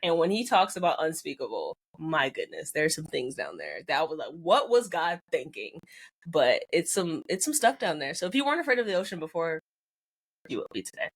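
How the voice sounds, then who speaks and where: Chatty lower-voiced woman sharing facts. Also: sing-song, brisk, breathy edge. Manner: explaining, chatty, amused. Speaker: podcast co-host. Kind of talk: casual chat, sharing fun facts.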